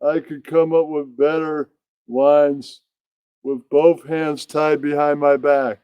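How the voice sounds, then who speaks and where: A man voicing a brash, loud wrestler puppet who heckles a comic with broken-English insults. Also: a little high, flat delivery, slow, clear, resonant tone, dry recording, muffled recording. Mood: brash heckling.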